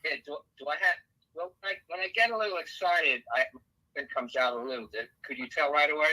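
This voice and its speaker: A man from Brooklyn with a New York accent, talking quickly in a casual podcast chat. His voice is sharp and bright. The recording comes through a thin, phone-like line. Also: a little high. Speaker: guest author.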